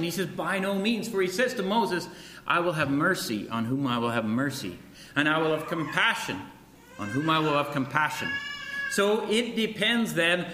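A man's voice: on the high side, pushed and bright, roomy sound. A man preaching a sermon in a conversational way, with frequent asides and restarts. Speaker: pastor.

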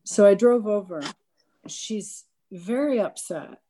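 Speaking slowly in a mid-range voice, a woman shares a personal anecdote with a gathered audience. Her storytelling is candid and self-mocking, with lively quoted dialogue and frequent stammered restarts.

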